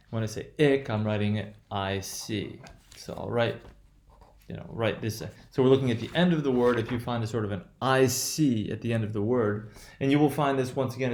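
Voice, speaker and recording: A man teaching word stress in a recorded video lesson. He talks in a hesitant, searching way, with many fillers and restarts, and repeats points slowly. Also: medium pitch, darkish tone, roomy sound. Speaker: English pronunciation teacher.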